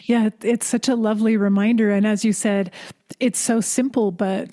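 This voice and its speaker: A woman's voice: medium pitch, fairly even intonation, normal speed, mellow. A woman hosting a podcast interview, responding to her guest in an affirming, conversational way. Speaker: podcast host.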